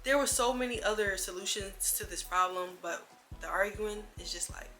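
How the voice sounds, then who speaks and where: A young woman vlogger telling a storytime in an animated, slangy way, acting out the other people's lines as she goes. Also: mid-range voice, normal speed, faint music behind. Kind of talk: casual storytime.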